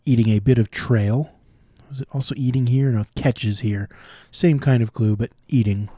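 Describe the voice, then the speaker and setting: A man solving cryptic crossword clues out loud, thinking through each one and explaining the wordplay as he goes. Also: mid-range voice, moderate pace, dry recording, clean studio sound. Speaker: puzzle solver.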